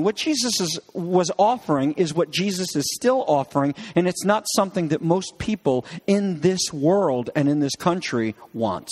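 A man's voice: a little high, animated, moderate pace, few pauses, a little mellow, long reverb tail. A man preaching a sermon as pastor, in a conversational way with frequent restarts, acting out lines of dialogue.

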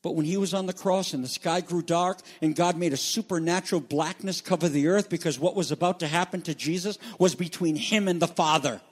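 Dramatic preacher in an echoing hall. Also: male voice, on the high side, fairly quick, few pauses. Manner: dramatic, swings from loud to hushed. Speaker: pastor. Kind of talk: sermon. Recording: echoey hall reverb.

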